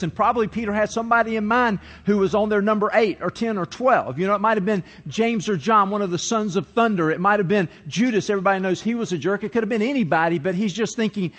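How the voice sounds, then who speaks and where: A man's voice: sits high, fast talker, hardly any pauses, a bit bright. A man preaching a sermon as pastor, telling a story and reading scripture, acting out the quoted voices as he goes.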